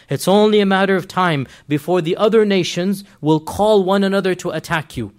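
A man with a slightly higher voice lectures on history over a computer mic. He talks with emphatic, animated energy and keeps checking in with his listeners through rhetorical questions. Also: a little fast, hardly any pauses.

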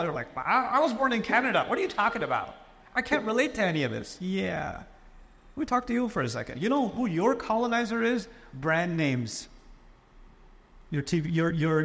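A man preaching a sermon with passionate, rhetorical repetition. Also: a little high. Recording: long hall reverb.

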